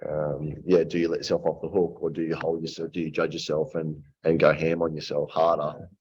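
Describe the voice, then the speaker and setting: A man's voice: very deep voice, level tone, fairly quick, a little mellow, breathy edge. A man hosting a roundtable, thinking aloud in a reflective, rambling way with many restarts. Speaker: host of a men's roundtable. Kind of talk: casual roundtable chat. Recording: dull lo-fi recording.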